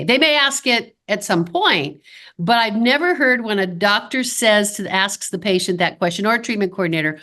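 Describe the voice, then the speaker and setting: Woman in her 50s on a podcast, animated, does the voices when she quotes people, mid pitch. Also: normal speed. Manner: animated storyteller who acts out quoted dialogue. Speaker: dental practice consultant. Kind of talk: podcast interview.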